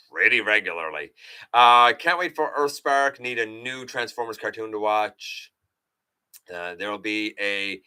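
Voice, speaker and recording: A man's voice: on the low side, bright, forceful tone, smooth. A man hosting a casual live stream, chatting animatedly, running a quiz and reading out viewer comments. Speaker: live show host.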